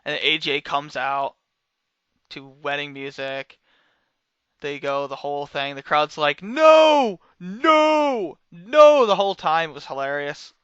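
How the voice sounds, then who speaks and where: A young man reviewing a wrestling show, talking casually and sarcastically and swinging between loud outbursts and quiet mutters. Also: a little high, level tone, unhurried, smooth, dry recording, dull audio.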